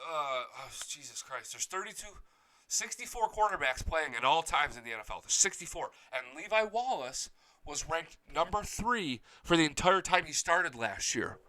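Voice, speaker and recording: A man's voice: a little high, very animated, normal speed, bright, forceful tone. Hyped, profane young male sports ranter. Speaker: sports show host. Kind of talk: live sports talk rant. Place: home studio.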